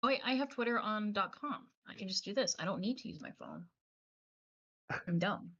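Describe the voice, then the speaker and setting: A woman's voice: medium pitch, expressive, fairly quick, a bit bright, lo-fi sound. An American woman chatting on a stream, teasing and asking curious questions. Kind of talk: casual chat.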